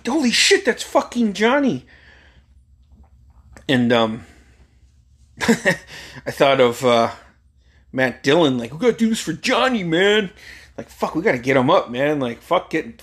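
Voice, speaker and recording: A man's voice: mid-range voice, a bit bright. Profane storytelling man, middle-aged. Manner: profane, rambling, laughs while telling. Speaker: solo podcast host. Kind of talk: casual storytelling monologue.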